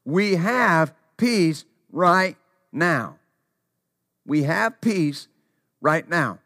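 A man's voice: on the high side, animated, extremely slow, pushed and bright, dry recording, studio quality. A man preaching a sermon, repeating key phrases for emphasis and quoting scripture.

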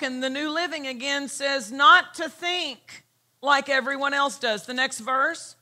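A woman pastor preaching a sermon, emphatic and repeating her key phrases as she reads scripture slowly. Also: high-pitched, bright, forceful tone. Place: church.

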